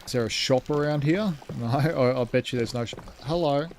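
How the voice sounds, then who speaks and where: A man's voice: medium pitch, moderate pace, darkish tone, slight background noise. A man streaming a ship game live, rambling as he thinks aloud and thanks his chat.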